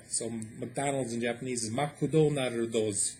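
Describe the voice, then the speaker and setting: Man, mid-pitched, easygoing story reader, loose and chatty between passages, light background hiss. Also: brisk, a little mellow. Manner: casual, explanatory, many fillers. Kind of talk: reading a story aloud with translation.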